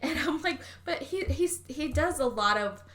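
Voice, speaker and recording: A woman hosting a podcast, recapping a movie in casual chat, animated and swearing, acting out the characters' lines. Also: high voice, moderate pace. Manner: animated, swearing, acts out quotes. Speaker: podcast host.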